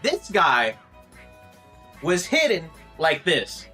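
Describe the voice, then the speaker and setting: A man telling a storytime vlog, expressive and animated, swearing and laughing as he goes. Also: fairly high pitch, extremely slow. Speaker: streamer and video creator. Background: faint background music.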